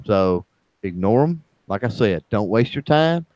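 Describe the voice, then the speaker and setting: A man co-hosting a casual online chat, speaking in a halting way with many fillers and restarts. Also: lowish voice, sing-song, a little mellow, no echo, dull audio. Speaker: livestream chat co-host.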